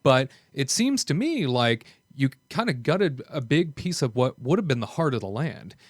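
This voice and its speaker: A man co-hosting a podcast in casual chat, giving measured, critical commentary. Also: mid-range voice, sing-song, dry recording, clean studio sound. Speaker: podcast co-host.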